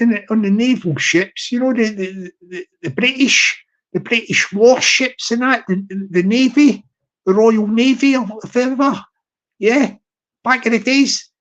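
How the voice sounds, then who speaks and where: A man's voice: sits high, muffled recording. A man hosting a live stream, chatting in a rambling way with many restarts and tangents. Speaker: livestream host.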